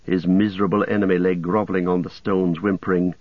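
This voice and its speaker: A man narrating an audiobook in a measured, even manner. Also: sits low, dry recording, muffled recording. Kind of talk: audiobook reading.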